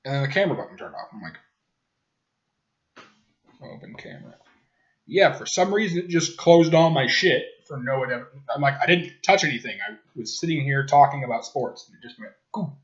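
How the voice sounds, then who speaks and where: A man's voice: a little high, fast talker, hardly any pauses. Rambling, profane young man. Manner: rambling, profane, deadpan jokes. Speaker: podcast host. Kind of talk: casual chat. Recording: dull lo-fi webcam audio.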